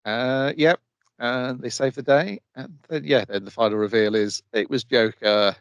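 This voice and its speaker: A man's voice: medium pitch, measured pace, a bit bright, smooth, no room sound, muffled recording. A man co-hosting a podcast in casual chat, matter-of-fact, summing things up. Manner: matter-of-fact, sums up the plot. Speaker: podcast co-host.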